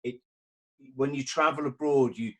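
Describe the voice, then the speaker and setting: Brief: male podcast host, mid-pitched, blunt and emphatic, swears freely, trips over his words. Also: steady tone, normal speed. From Britain. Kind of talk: candid storytelling in conversation.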